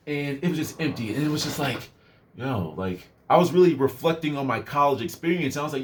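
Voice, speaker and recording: A young man casually telling a personal story in a rambling way, full of fillers and asides. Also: on the high side. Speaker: vlogger.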